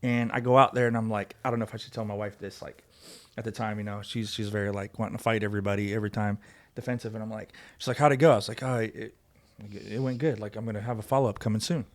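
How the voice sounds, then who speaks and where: A man guest on a podcast telling a story in casual chat, animated and profane, acting out both sides of arguments. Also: fairly low pitch, quick pace.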